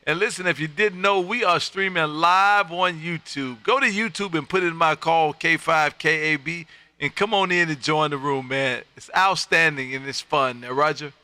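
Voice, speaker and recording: Loud, bright ham radio man. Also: a little high, moderate pace, smooth. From Texas. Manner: loud, upbeat, laughs often, friendly drawl. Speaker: ham radio operator and live streamer. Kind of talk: ham radio contacts on a live stream. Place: home radio room.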